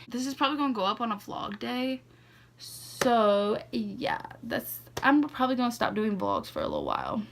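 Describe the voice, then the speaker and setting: A young woman vlogging a casual storytime, her slightly high voice carrying a gravelly, fry-laden texture. She rambles along with constant fillers and quick laughs, and she sounds drowsy, yawning between stories. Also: sing-song, a little hiss or hum. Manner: rambling, heavy use of "like" and "legit", frequent laughs. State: sleepy, yawning.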